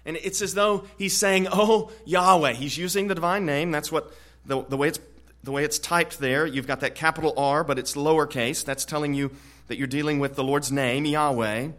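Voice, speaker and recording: Earnest preacher man, slightly high voice. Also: fairly even intonation, moderate pace. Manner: earnest, frequent word repetitions, swells louder on key points. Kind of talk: expository sermon on the Psalms.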